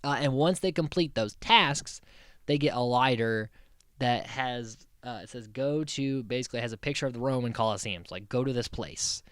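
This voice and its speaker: A man's voice: mid-range voice, moderate pace, a bit bright, clean tone, no room sound, studio quality. A man hosting a casual recap podcast, rambling and amused, with many restarts and frequent laughs. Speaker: podcast host.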